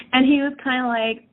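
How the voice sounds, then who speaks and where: A woman in her thirties telling a personal story in a candid, casual way with lots of fillers. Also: sits high. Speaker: energy work practitioner. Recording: tinny phone-like audio.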